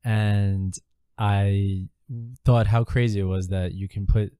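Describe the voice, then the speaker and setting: Laid-back young man with a low, mellow voice. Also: slow, clean tone, dry recording, studio quality. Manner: laid-back, laughs easily, deadpan jokes. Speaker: guest. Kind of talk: casual podcast chat.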